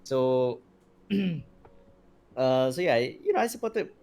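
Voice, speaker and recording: This guest streamer, a young man with a mid-range voice, talks slowly in a clean tone during a casual podcast chat. His delivery is rambling and animated, full of fillers and frequent laughter.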